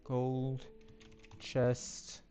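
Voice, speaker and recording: A man's voice: medium pitch, completely flat delivery, drawn-out words, mellow. A man live-streaming a building game on a headset mic, rambling to himself with playful sound effects. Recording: faint music behind.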